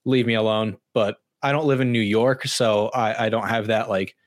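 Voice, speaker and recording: A man's voice: fairly low pitch, steady tone, moderate pace, dry recording, studio quality. A young man co-hosting a casual podcast, telling stories with lots of fillers and restarts. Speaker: podcast co-host. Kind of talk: casual chat.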